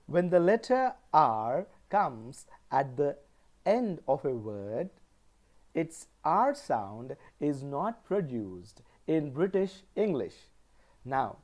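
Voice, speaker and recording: A male college lecturer from India giving a pronunciation lesson, deliberately repeating example words one at a time. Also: on the high side, darkish tone.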